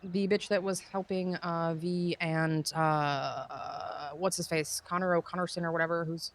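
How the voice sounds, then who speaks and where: A woman's voice: on the low side, steady tone, a little slow. A woman giving a casual, rambling recap in a roleplay game, swearing and filling gaps with "uh" and "um". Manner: rambling, swearing, many fillers and restarts.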